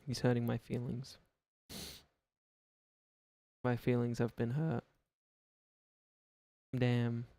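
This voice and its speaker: A man's voice: mid-range voice, monotone, slow pace, vocal fry, long pauses, mellow, no echo. A man chatting on a gaming livestream, rambling and joking and laughing often. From Australia. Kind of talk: casual gaming livestream chat.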